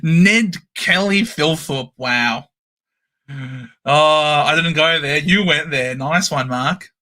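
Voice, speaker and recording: A man hosting a live-stream football watchalong, calling the play with animated cheers and banter. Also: on the high side, slow. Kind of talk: excited live sports commentary.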